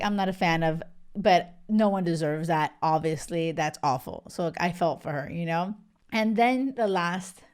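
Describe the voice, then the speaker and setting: A woman talking casually to her viewers in an animated, gossipy way. She leans on filler words and jumps quickly from thought to thought. Her voice sits at an ordinary middle pitch. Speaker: host. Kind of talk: casual chat.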